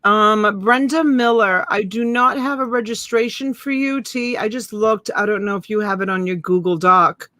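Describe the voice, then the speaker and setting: A woman's voice: medium pitch, moderate pace, hardly any pauses, pushed and bright, dry recording, clean studio sound. A woman hosting a live online reselling auction, chatting casually and greeting viewers by name with endearments like honey and sweetheart. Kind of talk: casual live-stream selling banter. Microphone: USB desk mic.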